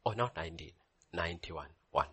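A man preaching a sermon to a congregation in church, swinging from low murmurs to high excited cries. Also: fairly quick, husky.

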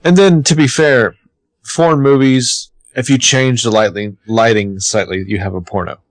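A man co-hosting a podcast, recapping a TV episode in casual, animated chat. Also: medium pitch, normal speed, dry recording. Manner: chatty, animated, swears casually.

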